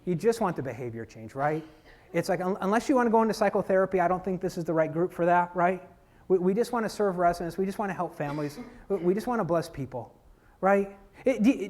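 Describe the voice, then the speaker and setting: A man from Florida giving a conference keynote talk, telling stories and working the audience with questions. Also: sits high. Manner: lively storytelling, works the audience. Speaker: keynote speaker. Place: conference hall.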